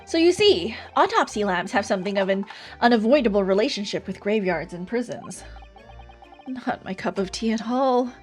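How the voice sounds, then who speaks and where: A woman reading aloud as an older man who recalls grim places from his past, in a measured way, with faint music behind. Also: mid-range voice, lively intonation, close to an everyday voice. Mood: grave. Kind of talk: reading game dialogue aloud.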